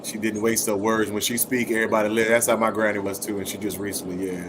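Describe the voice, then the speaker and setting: A man's voice: lowish voice, little pitch movement, fast, background noise. A man with a Southern US accent hosting a casual late-night talk show, laughing and telling stories full of folksy sayings. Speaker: host.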